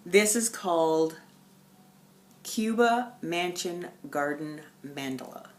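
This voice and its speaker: A woman with a notably low voice chats at home about her stitching projects. She tells her stories with animated swings, jumping from loud bursts to hushed, near-whispered asides. The talk is casual and chatty. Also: slow pace. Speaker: stitching vlogger. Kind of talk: casual chat.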